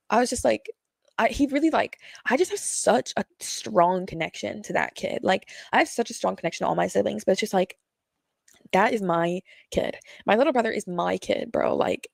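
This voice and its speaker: A woman's voice: mid-range voice, vocal fry, no room sound. A young woman telling a painful personal story to her viewers, rambling and slangy with many fillers, nervous and close to tears. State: nervous, sweating.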